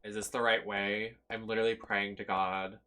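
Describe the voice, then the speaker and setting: A man in the middle of a live gameplay stream, talking to his viewers as he plays. His voice has a bright, forceful edge, and he fusses anxiously, swinging into dramatic outbursts whenever he gets lost or pulls something off. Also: on the low side, little pitch movement, moderate pace, a little hiss or hum.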